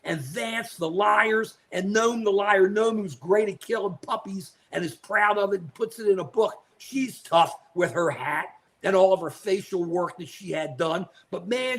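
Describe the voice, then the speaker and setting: Older guy with a high voice ranting about politics on a live show, angry and emphatic, keeps repeating himself. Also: moderate pace, few pauses. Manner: outraged, emphatic, repeats phrases, addresses co-host by name. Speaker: political talk show co-host. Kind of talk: impassioned political commentary.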